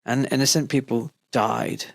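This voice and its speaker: A man's voice: mid-range voice, steady tone, measured pace, creaky, dry recording. A man hosting a podcast interview, talking with passion and building rhetorical arguments. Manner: impassioned, rhetorical, mimics voices of others. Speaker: podcast host.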